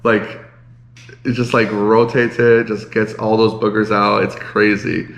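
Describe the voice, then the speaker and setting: Male podcast co-host, congested and nasal, low gravelly voice, rambling chat in an echoey room. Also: level tone, moderate pace, a bit bright. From Chicago area. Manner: rambling, many fillers. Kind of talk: casual chat.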